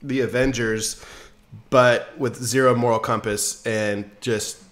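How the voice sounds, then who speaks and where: A man hosting a casual podcast, retelling a story in an animated, profane way full of fillers. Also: medium pitch, slow. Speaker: podcast host.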